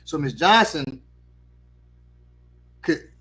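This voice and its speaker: A man's voice: a little high, drawn-out words, husky. A man hosting a talk show, telling a story animatedly with laughter and acting out the voices of the people in it. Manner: lively, laughing, acts out the voices of the people in his stories. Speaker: host.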